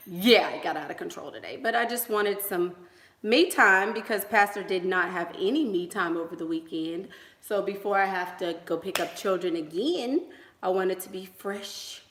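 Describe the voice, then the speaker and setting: A woman's voice: medium pitch, a bit bright. A woman coaching on relationships in a casual livestream chat, chatty and emphatic, laughing between thoughts while she does her makeup at home. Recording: echoey room.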